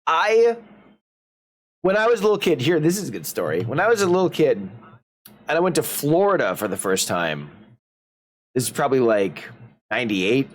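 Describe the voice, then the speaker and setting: A man's voice: medium pitch, fairly quick. A man from the Upper Midwest, hosting a stream in casual chat and telling rambling, joking stories. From Upper Midwest United States. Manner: rambling storyteller, animated and joking. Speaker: streamer host.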